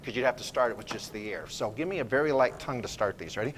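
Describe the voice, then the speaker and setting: A man leading a school band rehearsal, giving brisk, encouraging directions, counting off and singing phrases to show how they should sound. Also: medium pitch, a little hiss or hum. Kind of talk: ensemble rehearsal instruction.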